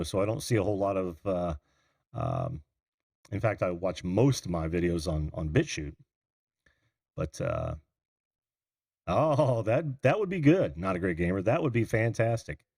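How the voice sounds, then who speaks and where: A man's voice: fairly low pitch, creaky, darkish tone, no echo, studio quality. A middle-aged man hosting a call-in livestream, rambling casually and answering viewers' chat comments. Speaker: call-in show host. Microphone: computer mic on a video call.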